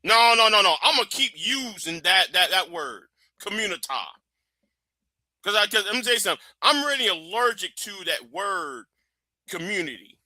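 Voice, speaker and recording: Bright, blunt man ranting on a stream. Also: sits high, lively intonation, a little fast, dry recording. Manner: blunt, profane and emphatic. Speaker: livestream host. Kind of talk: heated commentary rant.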